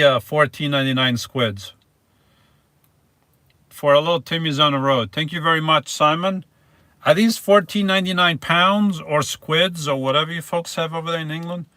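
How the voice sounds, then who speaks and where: A man's voice: fairly high pitch, bright, forceful tone, dry recording. Rambling man hosting a live stream. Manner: rambling and hesitant, restarts words, reads viewer names aloud. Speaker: live-stream host reading viewer chat. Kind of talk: casual live-stream chat.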